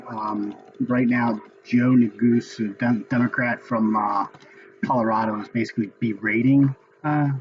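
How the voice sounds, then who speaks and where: Angry profane man, dull lo-fi sound. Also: mid-range voice. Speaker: political commentator. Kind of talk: casual recorded commentary.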